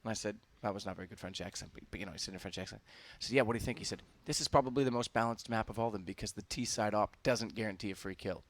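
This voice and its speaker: A man on a live esports broadcast telling an animated, theatrical story to his co-casters. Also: on the low side, rapid-fire, few pauses. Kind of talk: storytelling chat.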